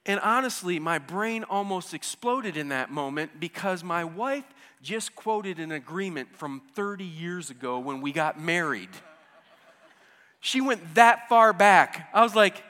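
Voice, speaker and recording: A man in his fifties tells a funny story from his own life, dropping to hushed asides and then rising into loud, excited bursts. His voice is fairly high and bright. It rings out with a long echo, as in a large hall. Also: unhurried. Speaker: storyteller speaking to an audience. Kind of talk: humorous personal storytelling.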